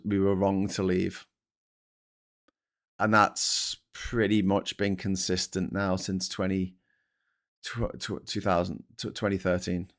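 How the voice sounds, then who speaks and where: A man hosting a live stream, reading out viewer comments and ranting in an animated way with plenty of swearing. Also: on the low side. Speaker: host.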